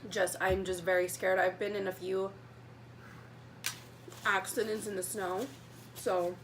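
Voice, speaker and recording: A young woman tells a rambling story to her camera between bites, chatty and animated. Her voice has a gravelly fry running through it, and a faint hum sits under the recording. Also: fairly low pitch. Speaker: vlogger. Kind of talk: casual mukbang storytime.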